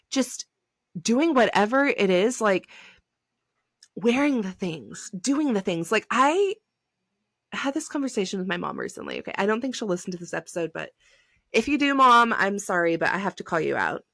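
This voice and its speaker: A woman's voice: medium pitch, lively intonation, moderate pace, fairly bright tone, no room sound, clean studio sound. A woman in her thirties hosting a solo podcast, talking in a chatty, effusive way, full of "like" fillers and emphatic bursts. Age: 30s. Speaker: podcast host. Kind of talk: casual solo podcast talk.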